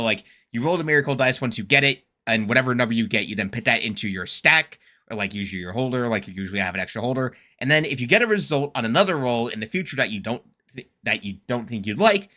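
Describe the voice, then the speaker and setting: A man hosting a casual reaction video, rambling with frequent laughs, fillers and excitable, mock-indignant rants. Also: mid-range voice. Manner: rambling, laughs often, heavy use of fillers.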